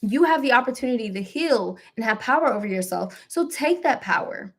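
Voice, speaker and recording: A woman hosting a spiritual live stream, talking casually and encouragingly with some laughs and relaxed colloquial phrasing. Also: on the high side, fairly quick, slightly rough. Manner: warm, chatty, with laughs, mild self-deprecation and AAVE phrasing.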